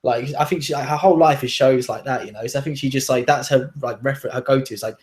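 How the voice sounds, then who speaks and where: A young man co-hosting a casual live-stream chat, quick, emphatic and opinionated, with plenty of fillers. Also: medium pitch, a little mellow.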